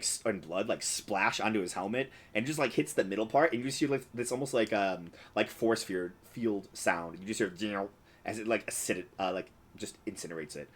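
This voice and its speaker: A man narrating as game master of a tabletop game. His voice sits on the low side, and he wanders through descriptions with plenty of filler words and easy laughs. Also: a bit bright. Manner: rambling, full of fillers and laughs.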